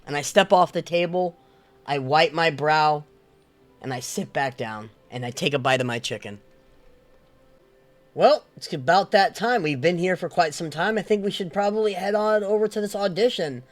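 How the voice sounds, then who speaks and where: A man's voice: a little high, moderate pace, soft background music. A man playing a tabletop game, talking in character with rambling, mock-grand pronouncements. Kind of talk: in-character roleplay.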